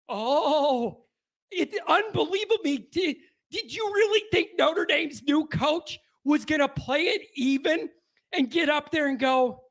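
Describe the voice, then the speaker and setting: High-pitched ranting sports host, man. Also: takes it slowly. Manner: ranting, shouting in bursts, repetitive. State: worked up, sweating. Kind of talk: fired-up call-in rant.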